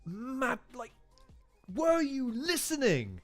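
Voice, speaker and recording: A man's voice: on the high side, moderate pace, soft background music. A man hosting a watch-along who reacts to a battle rap video with exclamatory asides and casual analysis.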